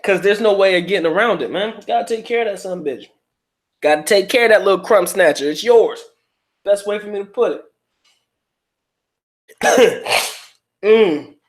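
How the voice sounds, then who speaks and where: A middle-aged man talking loosely to his livestream audience, with a slightly high-set voice. His delivery is blunt and profane, full of street slang and quick laughter as he reacts to comments. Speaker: livestream host reading viewer comments. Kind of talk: casual livestream chat.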